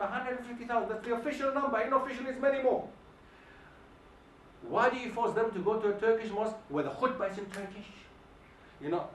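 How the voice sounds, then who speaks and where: A man giving an emphatic, animated lecture and firing questions at the audience, recorded in a hall. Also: sits high, a little hiss or hum. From Germany. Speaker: guest lecturer. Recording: echoey hall, mic at a distance.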